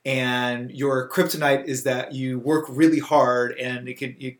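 Man, podcast host, mid-pitched, affirming and upbeat, interview chat. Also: flat delivery, unhurried. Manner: affirming, wraps up with scripted thanks. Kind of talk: interview conversation.

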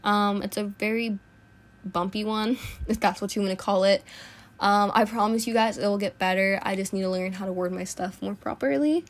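A woman's voice: mid-range voice, fairly even intonation, moderate pace. A teenage girl hosting her own podcast, talking in an earnest, reflective way in short bursts. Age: teens. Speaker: podcast host. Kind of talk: casual personal monologue.

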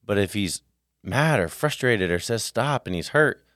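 A man with a fairly low-pitched voice speaks unhurriedly in a clean, echo-free studio recording. Co-hosting a podcast, he chats casually and tells stories, animatedly acting out the dialogue.

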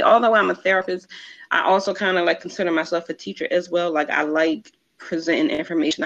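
A woman's voice: on the low side, vocal fry. A woman therapist talking casually as an interview guest, chatty and full of little fillers. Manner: chatty, many fillers like "like" and "kinda". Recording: dull lo-fi sound.

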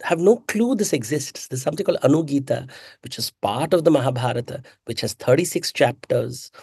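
Animated man, dry close sound. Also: medium pitch, brisk, creaky, husky, no room sound. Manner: animated, emphatic, rhetorical questions, self-interrupting. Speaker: author and mythologist guest. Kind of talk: conversational interview answers.

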